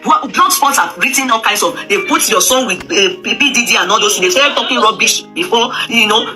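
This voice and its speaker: A Nigerian woman speaks with a very bright, sharp tone, talking through her opinions in an emphatic, repetitive way with many hesitations and Pidgin asides. Faint music plays underneath. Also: on the high side, lively intonation, a little fast. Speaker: commentator. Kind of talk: casual opinion talk.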